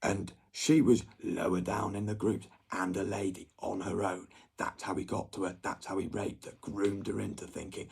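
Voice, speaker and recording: A man's voice: sits low, flat delivery, normal speed, creaky, few pauses, a little mellow, husky. A young adult man, ranting at viewers in a rambling, sweary monologue. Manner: agitated, sweary rant.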